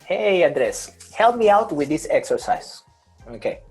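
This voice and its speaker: A man's voice: on the high side, big pitch swings, a little slow, a little mellow, slightly rough, faint music behind, rough recording. A man teaching an online English grammar class over a video call, patient, repeating and rephrasing with many fillers.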